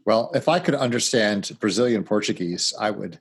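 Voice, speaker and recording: A man's voice: lowish voice, moderate pace, gravelly, a little hiss or hum. A man interviewing a guest in a casual conversation, with brief, easygoing replies.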